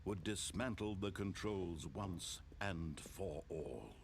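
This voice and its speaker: A man's voice: low voice, lively intonation, takes it slowly, noisy background, heavily acted. A man voicing a wry, all-knowing game narrator, telling the story with drama and dry sarcasm. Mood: dramatic.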